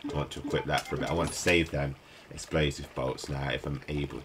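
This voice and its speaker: Very deep-voiced tired British man. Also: steady tone, fast talker, noisy background. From United Kingdom. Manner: rambling, mutters to himself while playing. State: tired, up at night. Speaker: let's play host. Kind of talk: casual gameplay commentary. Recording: game music playing behind.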